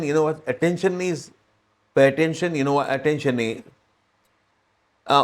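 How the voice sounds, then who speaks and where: A man with a Sri Lankan accent teaching a spoken English lesson, patiently repeating phrases and checking that learners follow. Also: on the high side.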